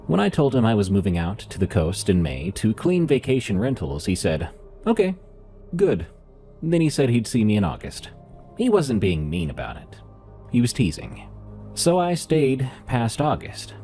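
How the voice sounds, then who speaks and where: A man with a nasal voice hosting and narrating horror stories in a calm, measured way. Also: low voice. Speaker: horror story narrator and podcast host.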